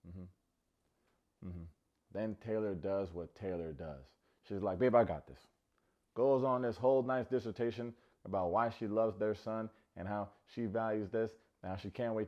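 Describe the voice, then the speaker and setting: A man's voice: on the low side, dull audio. A man recapping a reality dating show in a casual, joking way, often mimicking the cast's lines. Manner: joking, animated, mimics cast members' lines. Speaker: recap reviewer.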